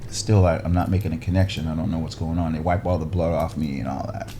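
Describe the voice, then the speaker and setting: A man, a podcast guest who works as an actor and director, telling a lively anecdote and acting out other people's lines. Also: fast, a little hiss or hum. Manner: lively, acts out other people's lines with big pitch jumps. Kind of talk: animated storytelling anecdote.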